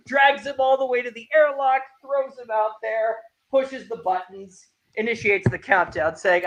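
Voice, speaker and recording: A man's voice: high-pitched, a little slow, few pauses, a bit bright. A man hosting a casual anime review chat, retelling scenes with energy and acting out the characters' lines. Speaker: podcast host.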